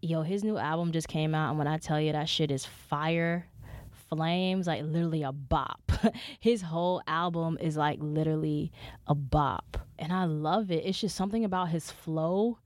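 A young woman from New York hosting a podcast, telling stories in a casual, profane, animated way full of slang. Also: low voice, normal speed, no echo, clean studio sound. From New York City. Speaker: podcast host. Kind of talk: casual storytelling monologue.

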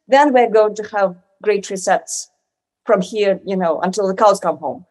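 A woman's voice: mid-range voice, a little slow, darkish tone. A woman speaking in a conversational interview, rambling and full of "like" fillers and restarts.

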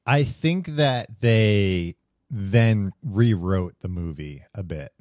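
A man's voice: fairly low pitch, lively intonation, slow pace, darkish tone, no echo, studio quality. A man co-hosting a casual film chat, laughing often and defending the movie with many fillers. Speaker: podcast co-host.

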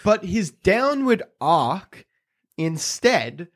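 A man narrates a tabletop fantasy game as its dungeon master. His delivery is slow and relaxed, and he chuckles as he tells the story. His pitch swings widely between lines. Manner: laid-back, chuckling storyteller.

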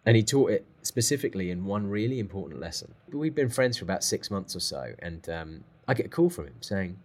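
A man telling a lively story as a guest, acting out the phone calls he describes. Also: sits low, fairly quick, few pauses. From England. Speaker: guest drummer. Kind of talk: casual storytelling.

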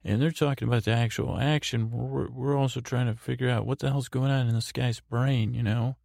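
A man's voice: medium pitch, steady tone, fairly quick, creaky, a little mellow, no echo, clean studio sound. A man hosting a bedtime podcast, giving a rambling recap full of restarts and fillers. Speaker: podcast host.

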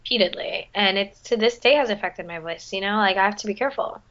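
In a casual chat, a young woman appearing as a guest talks about her musical theater career, using lots of fillers and restarts. She's a fast talker with a medium-pitched, fairly bright voice, though the recording is muffled.

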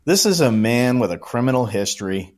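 A man leaves a recorded message for a podcast, roasting the host with a deadpan delivery. He lists mock charges in an even, steady voice. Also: mid-range voice, brisk. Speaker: listener caller.

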